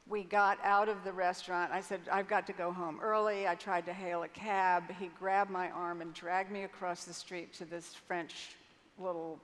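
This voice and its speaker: An older woman with a voice on the low side speaks in a level tone at a moderate pace. As an interview guest on a large conference hall stage, she tells a personal story candidly, frank and vivid, with hesitant restarts. Long hall reverb and faint noise mark the recording.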